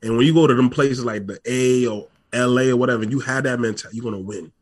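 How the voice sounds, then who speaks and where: A man's voice: mid-range voice, fast talker. A man with a New York accent, co-hosting a podcast in casual chat, brash and swearing as he talks over the others. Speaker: podcast co-host.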